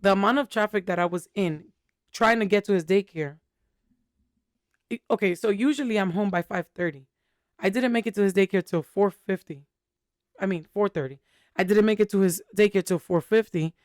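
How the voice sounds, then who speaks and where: A young woman on a podcast, rambling and candid as she tells a story, with plenty of fillers. Her voice is smooth and resonant, mid-pitched, recorded close and dry. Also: moderate pace, no echo. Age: young adult. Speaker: podcast co-host. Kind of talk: casual podcast chat.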